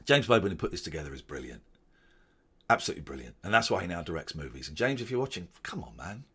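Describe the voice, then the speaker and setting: A man chatting casually as host, commenting on his old show with excitable, animated asides. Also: deep voice, racing, faint music behind. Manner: excitable, animated, jumping into quoted voices.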